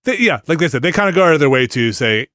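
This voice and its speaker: A man's voice: fairly high pitch, expressive, quick pace, a bit bright, no echo, studio quality. A man hosting a casual podcast, joking and laughing through an ad read. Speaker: podcast host.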